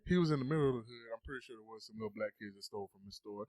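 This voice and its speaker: A man's voice: medium pitch, racing, darkish tone, dry recording. A man, a podcast guest, telling a story casually into a close mic. He swears often and acts out the voices.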